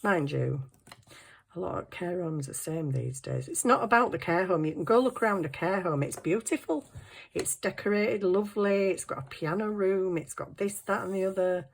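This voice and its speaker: Low, gravelly, husky-voiced crafting woman. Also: moderate pace, darkish tone. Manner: chatty, self-talking, apologetic and flustered. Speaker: craft channel host. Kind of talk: casual crafting vlog chat.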